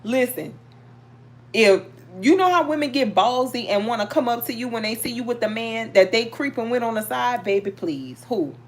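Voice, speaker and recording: Animated woman chatting on a livestream. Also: a little high, moderate pace. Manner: animated, storytelling, talks to viewers. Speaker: livestream host reading tarot. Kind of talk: casual live chat.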